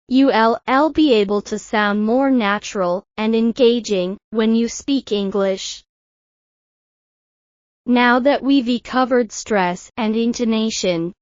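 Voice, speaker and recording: Slow, measured woman teaching pronunciation. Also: fairly high pitch, no room sound, highs cut off. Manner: slow, careful, over-articulated demonstration. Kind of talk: scripted teaching narration.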